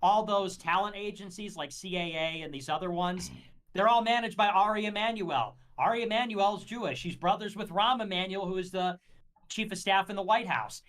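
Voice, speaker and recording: A man talking in a heated livestream debate, making his case in a measured, lecturing, argumentative way. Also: sits high, fairly bright tone. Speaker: guest.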